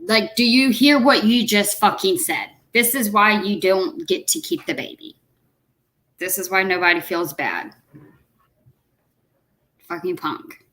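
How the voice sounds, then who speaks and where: A woman putting on the voice of a scornful woman who mocks her, speaking loudly and slowly from a distance. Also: medium pitch, lightly acted. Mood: contemptuous. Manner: sneering, scolding.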